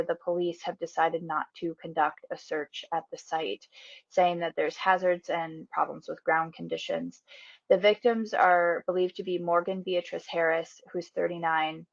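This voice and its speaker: A woman presenting a radio news segment in a calm, earnest way, with frequent ums and uhs. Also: on the low side, vocal fry, no room sound. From northern Minnesota, USA. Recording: dull, lo-fi and dry.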